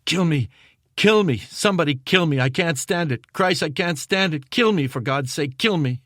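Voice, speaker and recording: A man's voice: on the high side, expressive, normal speed, no echo, studio quality, pitched above the performer's own voice. A man voicing a screaming wounded young soldier. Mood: agonized pleading. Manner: frantic, pleading shouts.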